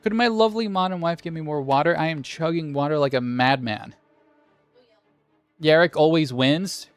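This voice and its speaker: A man's voice: a little high, moderate pace, clear, resonant tone, no room sound, faint music behind. A man hosting a game tournament on a livestream, chatting casually and joking with viewers, swearing now and then.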